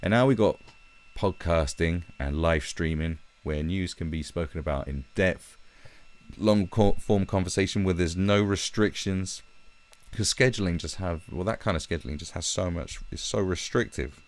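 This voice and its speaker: A man's voice: deep voice, normal speed. A young British man on a live stream, ranting heatedly and swearing as he talks from his own room. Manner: profane, animated, heated.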